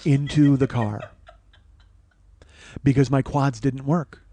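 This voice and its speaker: A man's voice: medium pitch, takes it slowly. Foul-mouthed man spinning a comic story. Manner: profane, animated, self-mocking. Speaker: podcast host. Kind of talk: comedic storytelling monologue.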